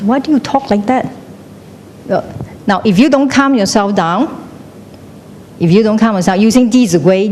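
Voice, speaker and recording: A woman's voice: medium pitch, warm tone. Woman teaching in a reverberant hall. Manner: asks the class questions often, switches into Chinese. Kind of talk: classroom lecture. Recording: long hall reverb, faint noise.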